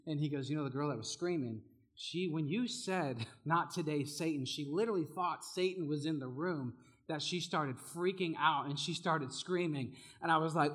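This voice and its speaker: A young man preaching to a youth group, telling a funny story about his own failures, with laughs and lively swings. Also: a little high, quick pace. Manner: animated, self-mocking, laughs often. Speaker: youth pastor. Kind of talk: sermon storytelling.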